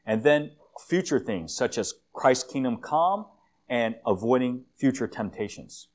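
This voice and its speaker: A man giving a conversational church sermon with slides, a self-described long-winded speaker who often fills pauses and restarts phrases. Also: mid-range voice, animated, darkish tone. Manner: conversational, with frequent fillers and restarts. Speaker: guest preacher.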